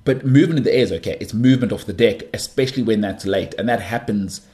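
A South African man talks in a casual monologue as the host of his own show. He is animated and full of banter, often stumbling and restarting. His voice sits a little low. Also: fast. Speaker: podcast host.

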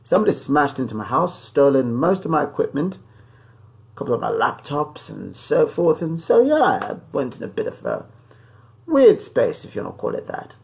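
Male podcast host, gravelly voice, casual and rambling. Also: mid-range voice, big pitch swings, a little mellow. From Zimbabwe. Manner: loose and rambling, with many pauses and restarts.

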